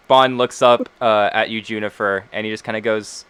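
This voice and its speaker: A man narrating a tabletop role-playing game as game master, relaxed with frequent fillers. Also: on the low side, moderate pace, hardly any pauses, smooth.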